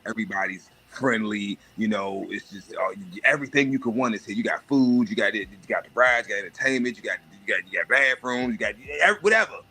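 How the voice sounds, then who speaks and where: Brief: adult man, livestream host, blunt and animated, punchy bright tone. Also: fairly low pitch, fairly quick, few pauses, breathy edge. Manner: profane, animated rant with mocking put-on voices. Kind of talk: casual monologue.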